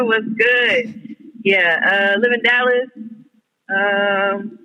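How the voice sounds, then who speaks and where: A man's voice: high voice, fairly even intonation, extremely slow, in a large hall, lo-fi sound. A man guest on a podcast, talking casually and easygoing, laughing between thoughts. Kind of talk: casual chat.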